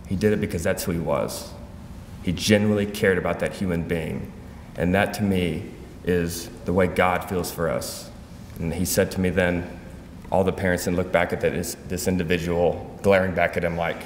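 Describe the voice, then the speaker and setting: A man with a very low voice delivers an emotional eulogy, pausing and restarting as he speaks. His words ring out with the long reverb of a big hall. A faint room hum sits underneath. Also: fairly even intonation. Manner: emotional, halting, heartfelt. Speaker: son giving a eulogy. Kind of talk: funeral tribute speech. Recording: echoey hall from far off, faint ambience.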